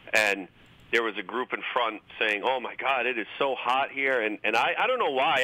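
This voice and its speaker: A man telling a funny story on a radio show, animated and joking. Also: mid-range voice, no echo, poor audio.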